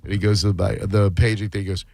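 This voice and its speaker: Man, radio host, low voice, dry studio sound, quick deadpan comebacks. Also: vocal fry, no room sound. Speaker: radio host taking calls. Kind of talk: casual radio talk show banter.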